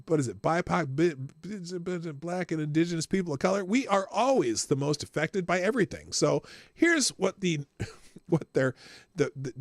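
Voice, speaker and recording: A man's voice: mid-range voice, dry recording, studio quality. A man hosting his own show, reading news articles aloud and breaking off with sarcastic asides, sometimes stumbling over words and laughing at himself. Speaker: podcast host.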